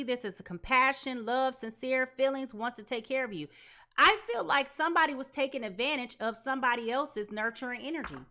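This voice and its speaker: A woman giving a live tarot reading to her viewers, talking in an animated, dramatic way. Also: high voice. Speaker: tarot reader.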